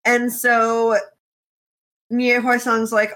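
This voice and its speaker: Animated woman recapping a story. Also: mid-range voice. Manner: animated, swearing, acting out characters in quick quotes. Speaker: podcast co-host. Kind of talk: casual chat recapping a novel.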